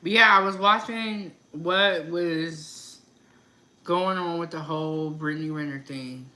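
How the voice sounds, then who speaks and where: A woman with a bright, forceful voice talks through celebrity gossip in a loose, conversational way. She is a channel host addressing her viewers directly, full of asides and opinions. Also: sits low, takes it slowly, rough recording. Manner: chatty, animated gossip with laughs and asides. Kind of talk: casual chat about celebrity gossip.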